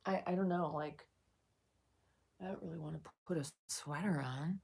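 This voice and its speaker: A woman's voice: low-pitched, moderate pace, gravelly, darkish tone, breathy edge. A woman streaming live, chatting casually with viewers, swearing freely and soothing them by turns. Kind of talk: casual livestream chat.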